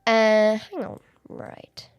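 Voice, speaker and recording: Very slow and smooth, a slightly high woman's voice comes through with a lo-fi sound. She's an Australian woman casually streaming Minecraft at home, often giggling and thinking out loud over quiet background music.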